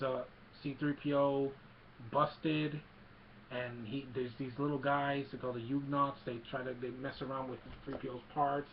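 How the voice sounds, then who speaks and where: A man's voice: medium pitch, highs cut off, slight background noise. A man casually retelling a movie scene by scene, rambling with many fillers. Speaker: film recap vlogger.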